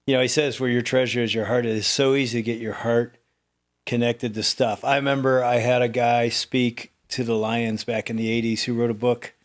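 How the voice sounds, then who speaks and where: Middle-aged male co-host, animated storyteller with an average-pitched voice. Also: brisk. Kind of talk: casual chat.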